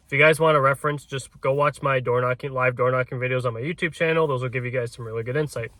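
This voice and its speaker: In a quick, steady, mid-range voice that sounds bright and forceful, a realtor coaches door knocking with no room sound. He talks casually, restarts his words, and keeps ending points with "right?"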